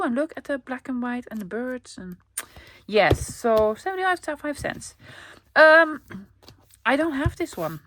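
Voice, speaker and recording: A woman's voice: medium pitch, fairly bright tone. Chatty woman showing thrift finds. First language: Dutch. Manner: chatty and enthusiastic, cooing over finds. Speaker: vlogger showing a thrift haul. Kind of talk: casual haul chat to camera.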